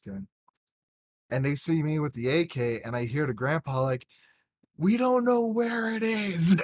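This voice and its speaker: A young man talking loosely on a podcast after a few drinks, swearing constantly as he rambles on. His voice sits at an ordinary middle pitch, and he tells his stories in a casual, unfiltered way. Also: slight background noise. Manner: rambling, heavy swearing, tipsy. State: drunk. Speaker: podcast co-host. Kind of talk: casual chat.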